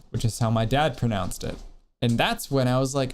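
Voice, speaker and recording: A man's voice: mid-range voice, expressive, normal speed. A man streaming a game and chatting casually, rambling and poking fun at himself. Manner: rambling, self-deprecating, jokey. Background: faint music.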